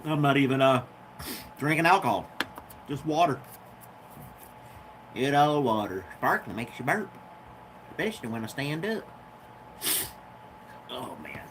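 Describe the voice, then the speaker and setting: A nasal, somewhat tired man thinks out loud in a relaxed home livestream, his pitch rising and falling a lot as he wanders from one thought to the next. He talks from his living room couch straight into a phone, with a faint background hiss underneath. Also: unhurried, long pauses. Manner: rambling, musing aloud. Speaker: channel host. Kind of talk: casual livestream chat. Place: living room at home, seated on a love seat.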